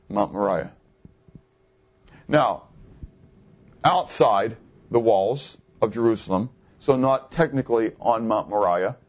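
A man's voice: medium pitch, a little mellow. A man preaching a sermon in a conversational way, asking the congregation rhetorical questions. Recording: dull lo-fi recording.

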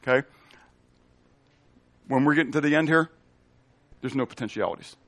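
A man's voice: medium pitch, moderate pace, fairly bright tone, no room sound. A man preaching a teaching sermon in a conversational way, often checking in with "okay?" and explaining Hebrew and Greek terms. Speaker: pastor.

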